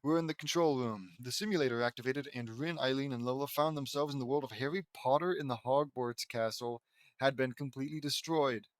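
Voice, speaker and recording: A man's voice: mid-range voice, fairly quick, no room sound. A young man reading fan fiction aloud as an audiobook, breaking off often into rambling, casual asides.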